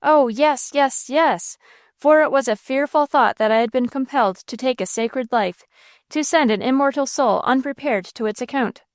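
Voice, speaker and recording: A woman's voice: fairly high pitch, normal speed, no room sound, clean studio sound, natural voice. A woman voicing a wild, fearless young heroine in an audiobook, talking in breathless, pleading exclamations. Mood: distraught.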